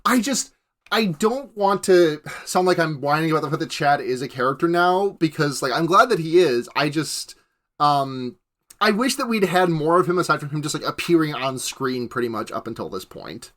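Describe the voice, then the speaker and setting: A man's voice: a little high, animated, moderate pace, a bit bright. A man co-hosting a casual anime recap podcast, rambling with restarts, casual swearing and frequent laughs. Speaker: podcast co-host.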